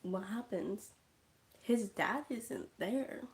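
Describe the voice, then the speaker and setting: Chatty woman narrating a film recap slowly, medium pitch, acting out the scenes. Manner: animated, chatty, acts out scenes, drops to whispers. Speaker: vlogger recapping a movie. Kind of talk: casual storytelling livestream.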